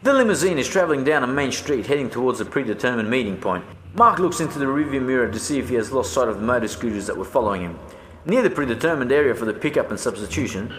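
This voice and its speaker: A man narrating a scripted story in a steady storytelling manner. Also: mid-range voice, fast talker. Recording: roomy echo, faint noise.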